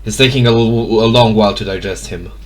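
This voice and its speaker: A man's voice: lowish voice, brisk. A man narrating a tabletop game as game master, hesitant and full of fillers and restarts.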